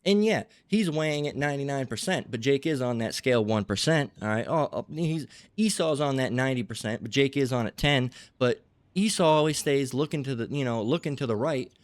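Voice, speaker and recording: Animated and brisk, a man with a mid-range voice gives a rambling religious lecture in a dry recording. He's a religious teacher who caps his points with "okay?" and "all right?".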